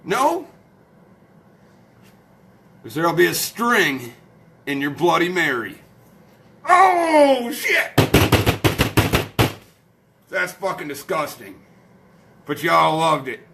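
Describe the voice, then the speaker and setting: A man's voice: a little high, sing-song, slow pace, creaky, long pauses, pushed and bright, a little hiss or hum. A man hosting a late-night live stream, rowdy, profane and joking, a little tipsy from beer.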